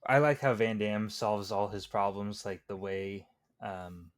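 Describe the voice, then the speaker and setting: A man's voice: fairly low pitch, steady tone, unhurried, dry recording, clean studio sound. A man co-hosting a podcast, chatting casually about a movie in a laid-back way, full of "like" and "right". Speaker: podcast co-host. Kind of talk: casual movie review chat.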